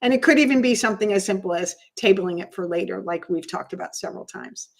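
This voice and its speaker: A woman's voice: medium pitch, fast, gravelly. A woman hosting a podcast, explaining a point steadily in a teaching way that repeats its key ideas. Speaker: podcast host. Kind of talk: calm explanatory talk.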